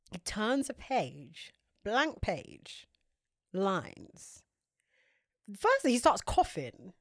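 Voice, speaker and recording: A woman's voice: medium pitch, drawn-out words, long pauses, no room sound, studio quality. A woman with a London accent, a podcast co-host chatting casually and acting out the dialogue in her stories. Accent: London English. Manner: animated storytelling, acts out dialogue. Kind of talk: casual chat.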